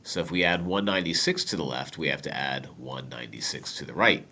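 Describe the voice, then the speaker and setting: A math teacher with an extremely low-pitched, nasal voice and a stuffy head cold talks a little fast. He walks through a lesson step by step, relaxed, dropping joking asides to the viewers.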